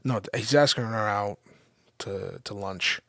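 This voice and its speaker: A man's voice: on the low side, takes it slowly, vocal fry, a bit bright, dry recording, studio quality. Profane, heated man ranting solo. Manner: profane, heated, emphatic with repetitions. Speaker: podcast host. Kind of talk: casual ranting commentary.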